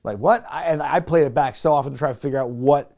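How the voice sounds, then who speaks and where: A man hosting a podcast, recapping an event in a casual, animated way and acting out the quotes. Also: fast. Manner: animated, acts out quotes with rising pitch. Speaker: podcast host.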